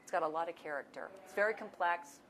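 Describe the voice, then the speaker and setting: Woman telling lively stories. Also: on the low side, fast, a little hiss or hum. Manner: lively, acts out customers' voices. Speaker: winery tasting room server. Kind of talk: anecdotal storytelling.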